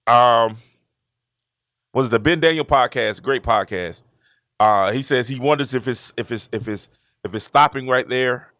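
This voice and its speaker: A man from Georgia, hosting a casual sports talk stream and telling stories in an animated, repetitive way. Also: mid-range voice, a little slow, no echo. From Georgia, USA. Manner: animated, repetitive storytelling with laughs. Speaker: show host. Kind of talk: casual commentary livestream.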